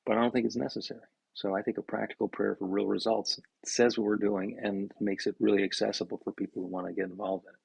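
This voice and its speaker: A man with a deep gravelly rasp and a husky edge explains prayer in casual podcast talk. He restarts and repeats his words as he goes. His voice is set close and dry with no room sound. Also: little pitch movement, fast, few pauses, a little mellow, no room sound, low-quality recording. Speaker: minister and podcast co-host.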